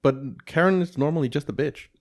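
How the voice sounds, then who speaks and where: A man's voice: a little high, brisk. A man co-hosting a casual podcast who mostly listens and chimes in with short reactions and jokes. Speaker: podcast co-host.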